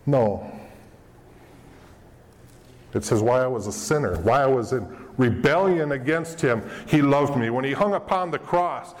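A man's voice: medium pitch, moderate pace, long pauses. A man preaching a sermon as pastor, earnest, acting out quoted voices of people now and then. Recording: long hall reverb.

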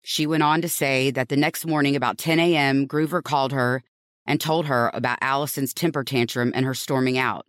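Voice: mid-range voice, fairly even intonation, fairly quick, fairly bright tone, no echo, studio quality. A podcast host narrating a true-crime story, earnest and reflective, posing rhetorical questions to listeners.

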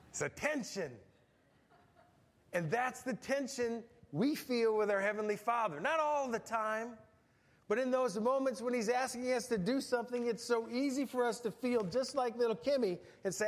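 A man's voice: high voice, unhurried, pauses often. Middle-aged male pastor, humorous storyteller, sermon in a church hall with long reverb. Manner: folksy, humorous, animated storytelling. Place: church sanctuary.

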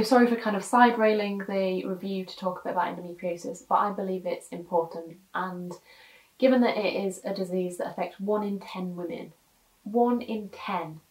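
Woman reviewer, candid and heartfelt, with fillers; recorded with a distant mic in a reverberant room. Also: lowish voice. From United Kingdom. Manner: frank, earnest, many ums, gets emotional. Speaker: podcast guest reviewer. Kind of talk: personal product review monologue. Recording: roomy echo, distant mic.

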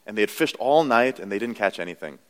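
Chatty young pastor in a reverberant hall. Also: male voice, lowish voice, lively intonation, fast talker. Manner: conversational, self-deprecating, many "you know"s. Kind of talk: sermon.

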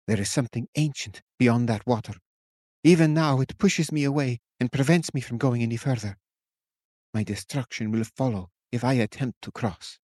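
A man's voice: mid-range voice, normal speed, darkish tone, no room sound, studio quality, voice pushed up, lightly acted. A man voicing a commanding female witch in an audiobook, speaking with cold certainty. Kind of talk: audiobook character voice.

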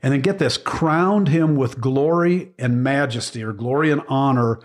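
A man co-hosting a faith podcast, talking earnestly through scripture in a casual teaching chat with frequent pauses and restarts. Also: medium pitch. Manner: earnest, reflective, with many ums and restarts. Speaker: podcast co-host.

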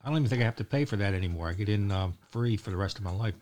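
A man's voice: lowish voice, racing, a little mellow. An older man with a Baltimore accent hosting a casual morning chat, rambling and joking with many fillers. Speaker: host.

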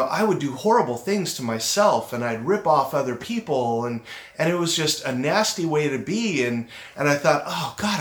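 A middle-aged man hosting a motivational self-esteem talk. He speaks earnestly, slows down to stress his points, and acts out his own inner critic. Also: a little high, a bit bright. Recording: roomy echo.

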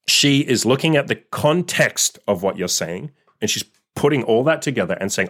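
A man's voice: mid-range voice, expressive, moderate pace, hardly any pauses, a bit bright. Blunt, swearing male dating coach. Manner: blunt, casual, swears freely, acts out quoted voices. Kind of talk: solo advice monologue.

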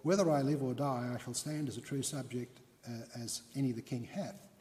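Man reading dignified measured defendant, mellow, long reverb. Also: mid-range voice, lightly acted. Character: composed male defendant, dignified and wry.

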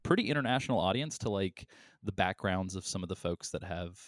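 Low-voiced male host, halting. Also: no room sound, clean studio sound. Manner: relaxed, hesitant, many fillers. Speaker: interview host. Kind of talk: interview, casual.

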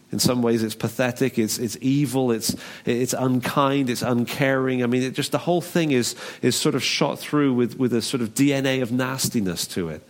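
A man preaching a sermon in a conversational way, retelling a scripture story, acting out its characters and asking rhetorical questions. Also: mid-range voice. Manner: conversational, acts out voices of the story figures; frequent restarts and rhetorical questions.

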